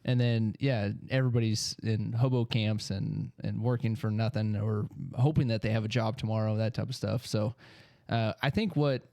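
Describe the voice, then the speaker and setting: A man's voice: lowish voice, steady tone, moderate pace, gravelly, warm tone, dry recording. A man co-hosting a podcast in casual chat, rambling with many fillers. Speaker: podcast co-host.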